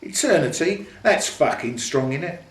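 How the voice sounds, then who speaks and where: A man's voice: on the high side, lively intonation, normal speed, far from the mic, voice pushed up, close to an everyday voice. An older man voicing a mocking, streetwise fellow prisoner with a hard-nut swagger. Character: streetwise male convict, mocking and quick, switches regional voices. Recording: echoey room.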